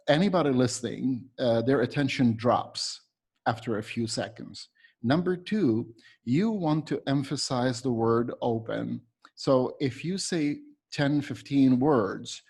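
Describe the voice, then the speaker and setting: A man's voice: mid-range voice, a little mellow, slightly rough. A man training teachers, patiently explaining a classroom method step by step and demonstrating words aloud.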